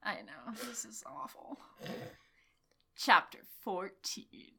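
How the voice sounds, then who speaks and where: A woman's voice: a little high, sing-song, a little slow, bright, forceful tone. A young woman co-hosting a podcast, reading a fanfic aloud with dry reactions and giggles. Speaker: podcast co-host.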